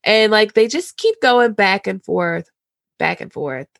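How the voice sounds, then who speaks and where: A woman's voice: medium pitch, expressive, measured pace, creaky, a bit bright, no echo, studio quality. Blunt, casual woman podcast host. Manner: blunt, casual and profane, drifts into character voices.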